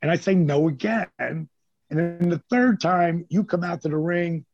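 A middle-aged man, a former pro wrestler, telling stories as an interview guest in a lively, casual way and swearing freely. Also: a little high, moderate pace. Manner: animated storyteller who acts out quotes, swears freely. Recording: dull lo-fi dry sound.

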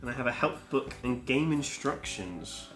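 A man's voice: mid-range voice, expressive, normal speed, fairly bright tone, soft background music. A man co-hosting a casual game podcast, reading a storybook prologue with dry joking asides, recorded on one shared table microphone. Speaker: podcast co-host.

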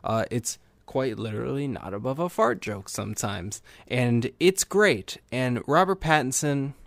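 A man's voice: mid-range voice, animated, measured pace, gravelly, dry recording. Enthusiastic young man reviewing films. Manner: enthusiastic, rambling. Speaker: movie reviewer. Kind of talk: casual movie review.

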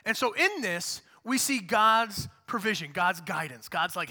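Guy preaching, casual animated storyteller, high bright voice, big echoey hall. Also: a little slow. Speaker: pastor. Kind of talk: sermon. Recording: long hall reverb.

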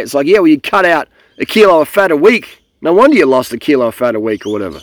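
A man's voice: on the high side, big pitch swings, fast, no echo, clean studio sound. A young man talking to camera outdoors in a blunt, rambling, profane way about cycling habits. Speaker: cycling vlogger. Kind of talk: casual rambling monologue.

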